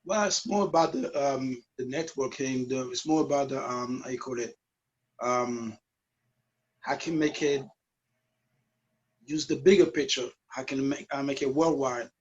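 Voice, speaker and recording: A man in his forties with a French Caribbean accent, a guest talking softly and searching for words. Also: mid-range voice, unhurried, long pauses, dull audio, slight background noise. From Guadeloupe. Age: 40s. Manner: soft-spoken, searching for words. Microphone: video call.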